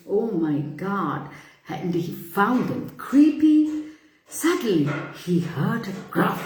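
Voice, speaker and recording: Animated woman telling a children's story. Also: lowish voice, echoey room. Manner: animated, asks the listeners questions. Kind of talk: bedtime story reading for children.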